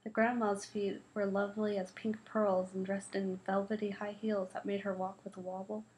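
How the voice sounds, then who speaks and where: Female reader for storybook narration; lively delivery with voiced dialogue. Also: medium pitch, moderate pace, low-quality recording. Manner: lively, shifts voices for the children's quarrel. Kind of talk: reading a novel aloud.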